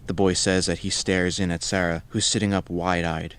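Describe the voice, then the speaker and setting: A man narrating a horror story in a measured, scripted storytelling voice. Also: low voice, little pitch movement, fairly bright tone, smooth.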